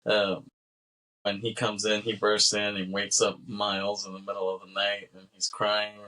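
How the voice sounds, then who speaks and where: A man hosting a casual movie podcast, relaxed and laughing often as he recaps scenes. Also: fairly low pitch, moderate pace. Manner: laid-back, laughs often, acts out quoted lines. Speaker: podcast host.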